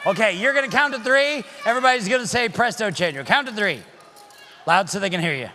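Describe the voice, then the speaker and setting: A man doing comic magic-show patter for children, playful and teasing, calling loudly out to a live audience. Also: high-pitched, expressive, fast talker. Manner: playful, teasing, loud, calls out to the crowd. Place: synagogue sanctuary in front of a live audience.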